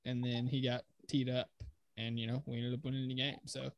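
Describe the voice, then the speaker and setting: A man in a relaxed podcast chat about basketball, speaking at an ordinary middle pitch. His voice is recorded close and dry, with no room sound around it. He keeps the conversation moving and rattles off statistics easily. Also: a little fast, no echo, dull audio. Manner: conversational, steers the talk, recites stats. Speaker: podcast co-host. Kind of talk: casual sports chat.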